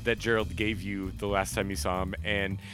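A man's voice: sits low, flat delivery, normal speed, over music. A man narrating as game master, in loose, rambling narration and laughing often.

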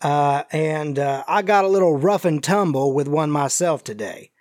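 A bleeding drifter hiding from something, talking in a folksy Southern drawl, as a game master puts him on. He wheedles and dodges questions, his voice pitched a touch high. The sound is dry and close. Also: lively intonation, moderate pace, a little mellow, no echo, lightly acted. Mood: evasive. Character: wounded secretive man on the run, folksy.

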